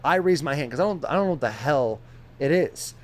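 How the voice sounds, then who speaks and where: A young man in his twenties, co-hosting a podcast, telling a story in a rambling, animated way full of swearing. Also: on the high side, brisk, a little hiss or hum. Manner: rambling, animated, swears a lot, imitates beeps and voices. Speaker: podcast co-host. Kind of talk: casual storytelling.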